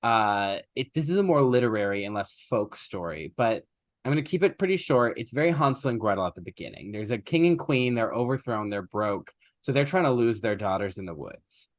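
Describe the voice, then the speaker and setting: A man's voice: lowish voice, lively intonation, a little fast, no room sound, studio quality. A man co-hosting a podcast, retelling an old story in a casual, chatty way with plenty of fillers and asides. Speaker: podcast co-host.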